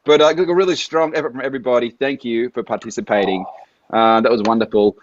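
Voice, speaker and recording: A man hosting a live stream chat, animated and reading out viewer questions. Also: mid-range voice, fast, dry recording, lo-fi sound. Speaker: host.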